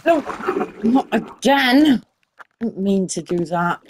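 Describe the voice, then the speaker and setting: A woman giving casual, excitable commentary while playing a game and talking to the animals in it. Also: fairly high pitch, slow, noisy background. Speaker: gaming video creator.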